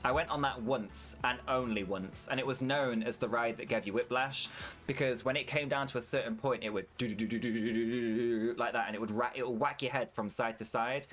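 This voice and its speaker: A man's voice: mid-range voice, a little fast, fairly bright tone. Chatty British man streaming a farming game. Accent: British English. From United Kingdom. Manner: chatty, swears freely, answers chat. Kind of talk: casual gameplay stream chat.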